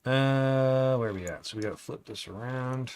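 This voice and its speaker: Building a Lego set on a relaxed livestream, a man with an everyday mid-pitched, clean voice talks at normal speed. He reads viewer comments and shares his opinions, often dropping into low, quiet muttering as he works the pieces.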